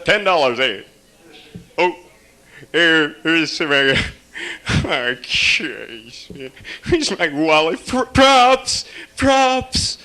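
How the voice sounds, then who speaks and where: A man's voice: a little high, sing-song, drawn-out words, sharp tone, pitched above the performer's own voice, exaggerated voice. A man voicing a clueless male actor who fumbles his lines and a prop, in a comedy routine. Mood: flustered.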